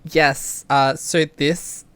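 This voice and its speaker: A woman's voice: deep voice, steady tone, extremely slow, clean tone, dry recording. A woman streamer reading dialogue aloud during a live game playthrough, laughing often.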